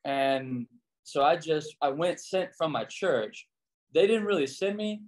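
Speaking at a measured pace in a slightly high voice, this American man, a pastor who once served as a missionary, shares stories as a guest in a casual interview. When quoting others, he raises his voice and performs their lines with animation.

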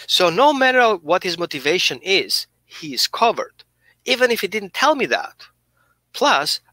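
A man teaching dog training, emphatic and explanatory, with a voice that swings up and down. His tone is bright and sits a little high. The sound is dry and close. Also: no room sound. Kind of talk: instructional talk.

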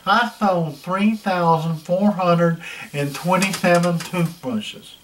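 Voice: medium pitch, slow pace, natural voice. A performer voicing a bumbling hare-lipped male toothbrush salesman who tells a comic story in character, with nasal, thick speech, rambling and repeating himself in folksy slang. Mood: folksy storytelling. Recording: voice distant from the mic.

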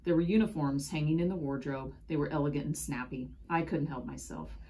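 A woman reading a children's picture book aloud in expressive first-person storytelling. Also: sits low, brisk. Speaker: storybook reader.

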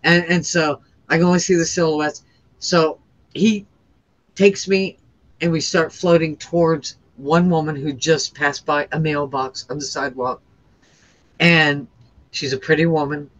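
A woman's voice: low-pitched, steady tone, measured pace, lo-fi sound. A woman guest earnestly recounting her near-death experience, intense and emotional, often restarting her sentences. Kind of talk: emotional first-person storytelling.

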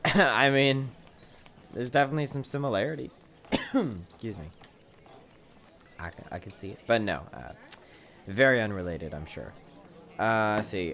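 A man streaming his first playthrough of a video game, chatting casually, reading viewer messages aloud and thinking out loud with plenty of fillers. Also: medium pitch, very animated, unhurried, pauses often. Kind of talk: casual gameplay commentary.

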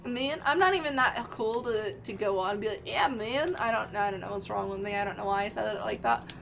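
A woman's voice: medium pitch, brisk, creaky, fairly bright tone, a little hiss or hum. A young woman streaming a game live, thinking aloud in a chatty way and greeting her viewers by name. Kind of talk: live gameplay chat with viewers.

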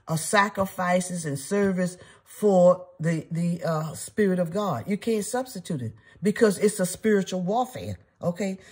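A woman's voice: lowish voice, darkish tone, slightly rough. A woman in her seventies teaching a Bible study in an earnest way, often checking in with her listeners. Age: 70s.

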